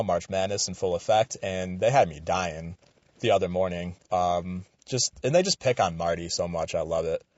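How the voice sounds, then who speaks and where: A young man with a fairly low voice rambles through a casual sports commentary, swearing freely and getting animated. He is recorded close and dry, and the sound is a little dull. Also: no echo. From Western New York. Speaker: radio show commentator.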